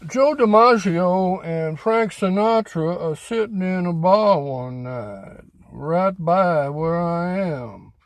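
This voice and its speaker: A man's voice: sits high, no room sound. A man hosting a vlog outdoors on a city street, telling a rambling story with corny jokes in a chatty, folksy, self-mocking way. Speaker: vlog host.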